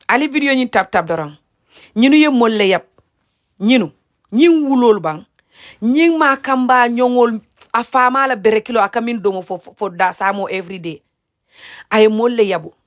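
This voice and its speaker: A woman in an impassioned vlog rant, emphatic and repetitive, switching between English and Mandinka. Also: mid-range voice. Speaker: social media commentator.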